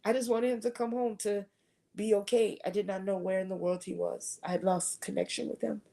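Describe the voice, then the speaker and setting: A woman's voice: medium pitch, steady tone, brisk, creaky, warm tone. A woman giving a conversational faith talk at a retreat, sharing earnest personal testimony. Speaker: retreat speaker.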